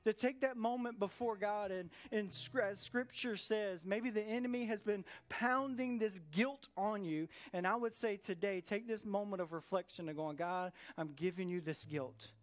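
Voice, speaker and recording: Pastor, male, higher voice, emphatic sermon delivery with repetition, live church service. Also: normal speed, few pauses. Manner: earnest, emphatic preaching with repeated phrases.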